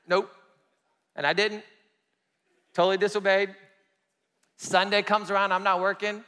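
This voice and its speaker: Preacher, high tenor, animated storyteller, big hall reverb. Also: male voice, measured pace, pauses often. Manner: animated storytelling, swings loud and soft. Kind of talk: sermon testimony.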